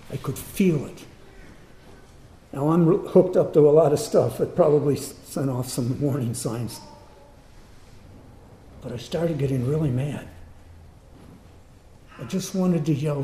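A man telling a personal story in a sermon, in an earnest, animated way. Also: fairly high pitch, unhurried, pauses often, slight background noise. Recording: roomy echo.

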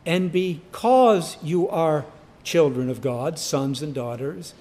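A man preaching a sermon, emphatic and repetitive, building to sudden loud cries on key words. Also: a little high, takes it slowly.

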